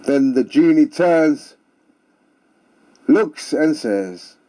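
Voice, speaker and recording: Slow, theatrical male storyteller. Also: on the high side, lively intonation, dark tone. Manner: theatrical, sing-song refrains. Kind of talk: comic storytelling.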